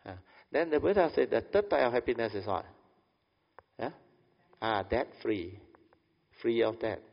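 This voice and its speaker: Gravelly man in echoing hall. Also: mid-range voice, measured pace. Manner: storytelling, often repeats "I said" and checks "understand?"; chuckles often between lines. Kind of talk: anecdotal dharma talk. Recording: dull reverberant hall recording.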